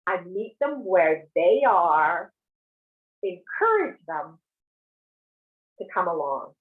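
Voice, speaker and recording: A woman in a casual group discussion, telling stories in an animated way. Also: fairly low pitch, slow pace. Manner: animated storytelling. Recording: tinny phone-like call line.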